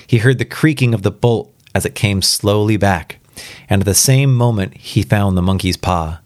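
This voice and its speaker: A man with a low-pitched voice reads a spooky story aloud for the first time, casually reacting out loud between passages. The recording is studio quality with no room sound.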